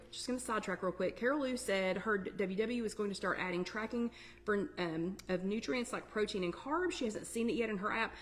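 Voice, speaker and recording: A woman's voice: medium pitch, a little hiss or hum. Chatty woman hosting. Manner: chatty and digressive, answering viewers' comments. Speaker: host of a weight-loss support chat. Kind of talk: casual live-stream chat.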